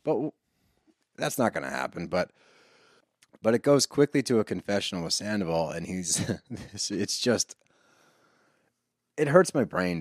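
A man with a fairly low voice hosts a loose recap podcast, animated and sarcastic, dropping swear words as he rants. The sound is dry and close, with no room around it. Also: no room sound. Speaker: podcast host. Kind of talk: casual reality-TV recap chat.

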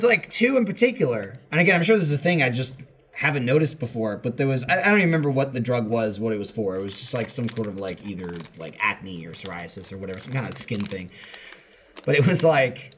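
A man's voice: mid-range voice, animated, fairly quick, fairly bright tone, a little hiss or hum. An American man hosting a casual podcast chat, rambling with profanity and mocking asides. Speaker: podcast host.

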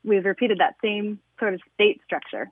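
A woman's voice: medium pitch, moderate pace, slightly rough, dry recording. Female caller over a tinny phone line, gushing storyteller, dry sound. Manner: enthusiastic, gushing. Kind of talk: telling a story on a call-in show.

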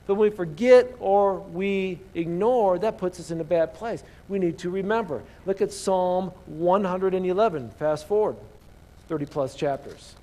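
A man's voice: high voice, moderate pace, mellow. A male pastor preaching a sermon, reading scripture aloud and asking his congregation questions.

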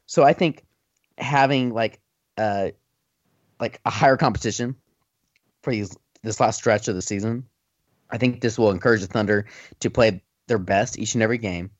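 Low-ish guy rambling about his team on a podcast, dull muffled mic, dead dry sound. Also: normal speed, pauses often, dry recording. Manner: rambling, lots of fillers. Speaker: podcast co-host. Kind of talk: casual sports chat. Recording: dull lo-fi audio.

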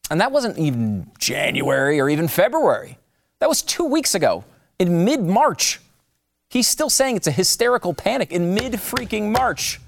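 A man's voice: high voice, sing-song, normal speed, creaky. A man hosting political commentary in a mocking, sarcastic way.

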